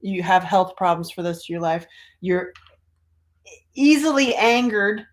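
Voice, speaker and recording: A middle-aged woman from North Carolina, an author talking casually on a livestream, chatty and animated, acting out quoted voices. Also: mid-range voice, unhurried. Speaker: author and speaker.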